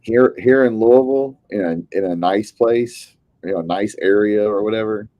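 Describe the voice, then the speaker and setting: Laid-back low-voiced man, dry sound. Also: moderate pace, warm tone, no echo, muffled recording. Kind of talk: casual chat.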